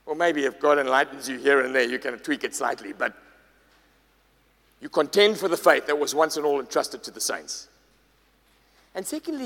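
A man, a pastor preaching a sermon, telling a story with lively acted-out dialogue. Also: medium pitch, normal speed, long pauses. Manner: animated, acts out quoted dialogue. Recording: long hall reverb.

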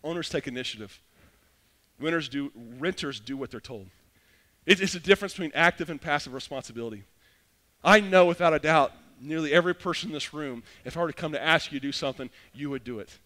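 A middle-aged man preaching a sermon as a pastor, animated and acting out little dialogues in different voices. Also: fairly high pitch, fast talker. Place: church sanctuary. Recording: long hall reverb.

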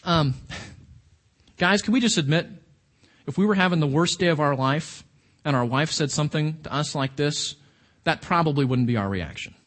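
A man with a high voice delivers a sermon. He talks to his listeners casually but with emphasis, often asking them questions. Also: normal speed, a bit bright. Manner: conversational, emphatic with rhetorical questions. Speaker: preacher.

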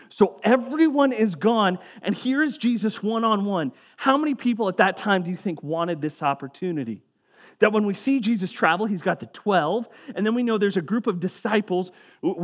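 Conversational preacher man, slightly high voice. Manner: conversational preaching, drops low and quiet for scripture readings. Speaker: pastor. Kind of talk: sermon.

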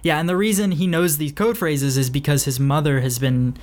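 A man's voice: fairly high pitch, fairly even intonation, brisk, darkish tone, slight background noise. A man hosting a podcast, chatting casually and hesitantly about his writing, with frequent ums. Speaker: podcast host and author. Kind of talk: casual chat.

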